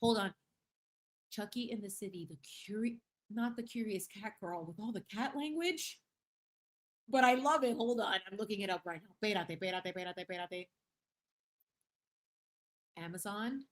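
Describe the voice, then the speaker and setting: Speaking at a moderate pace in a mid-range voice, this young adult livestream host reads viewer comments with playful enthusiasm, laughing a lot and sprinkling in Spanish phrases.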